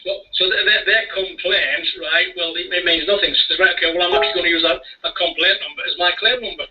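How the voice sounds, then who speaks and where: A man's voice: high-pitched, steady tone, quick pace. A man telling his story in casual chat, rambling, repeating words and chuckling now and then. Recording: dull distant radio audio.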